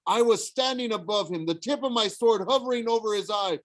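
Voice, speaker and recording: A man reading a novel aloud in the first person, expressive, with small slips and restarts. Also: high-pitched, a little fast. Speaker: audiobook narrator.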